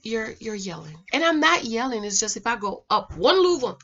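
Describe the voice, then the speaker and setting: Bright-voiced woman giving dating advice, sisterly chatty vibe, kinda muffled home recording. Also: lively intonation, a little fast. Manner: chatty, sisterly, drops to a soft low voice to demonstrate. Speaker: relationship mentor, channel host. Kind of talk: casual chat to camera.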